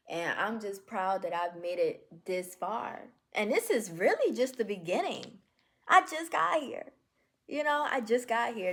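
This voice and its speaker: A woman recording a heartfelt video journal, speaking in slow, affirming, repeated phrases. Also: medium pitch. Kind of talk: reflective self-talk video journal.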